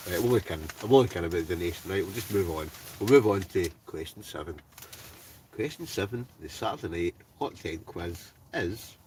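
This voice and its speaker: A man's voice: deep voice, a little mellow, recorded from a distance, slight background noise. A Scottish man with an Ayrshire accent, chatty and joking as he hosts a live-stream quiz from inside a tent, talking straight to his viewers. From Scotland. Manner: jokey, chatty, laughs often, talks straight to viewers.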